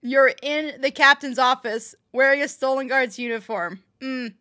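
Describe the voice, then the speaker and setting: A woman's voice: high-pitched, steady tone, normal speed, bright, forceful tone. A woman chatting casually as she reacts to a cartoon episode, rambling with fillers and restarts. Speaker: reaction video host. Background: show audio with music.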